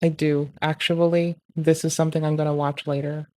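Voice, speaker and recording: Low flat-voiced woman streamer. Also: fairly quick, dry recording, studio quality. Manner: laid-back, teasing. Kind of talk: casual chat to viewers.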